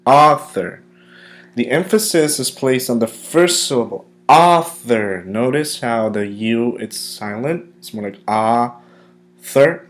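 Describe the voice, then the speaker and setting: Man as a patient classroom teacher leading a vocabulary lesson, modeling each word slowly for students to repeat. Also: mid-range voice, expressive. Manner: slow, deliberate modeling of pronunciation; patient and encouraging.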